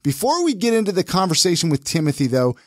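A man hosting a podcast, talking in an upbeat, casual way with quick intros and filler restarts. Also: sits high, big pitch swings, no room sound, clean studio sound. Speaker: podcast host.

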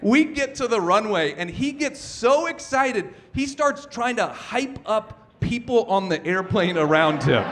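Animated young man doing stand-up. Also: high-pitched, unhurried, hardly any pauses, noisy background. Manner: animated storytelling with shouted bits. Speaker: stand-up comedian. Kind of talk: stand-up comedy set. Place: comedy club stage. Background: audience laughter.

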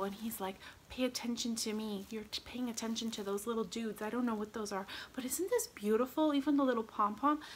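A woman showing off her shopping finds at home in a gushing, chatty way, now and then dropping to a soft whisper. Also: fairly high pitch, slight background noise. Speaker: vlogger. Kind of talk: casual haul chat.

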